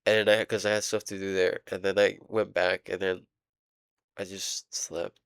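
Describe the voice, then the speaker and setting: A young man rambling casually in a diary vlog, halting and full of fillers, swearing now and then while he plays a game. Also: low-pitched, flat delivery, a bit bright, clear, resonant tone, no room sound, studio quality. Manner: playing a game while talking. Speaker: vlogger.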